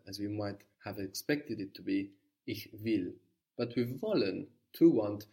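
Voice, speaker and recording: A man's voice: lowish voice, gravelly, warm tone, distant mic. A man teaching an audio language lesson, patiently prompting a student and repeating the answers.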